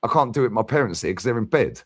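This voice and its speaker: A man's voice: mid-range voice, expressive, racing, dry recording, studio quality. A man hosting a casual football fan chat, blunt and sweary, tagging "yeah?" onto his points. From London. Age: 40s. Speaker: fan channel host.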